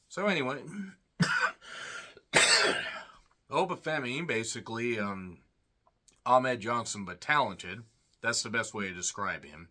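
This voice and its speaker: A man's voice: mid-range voice, bright, forceful tone. A man giving a rambling, sarcastic solo review of a wrestling show, full of snarky asides. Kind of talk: casual solo review commentary.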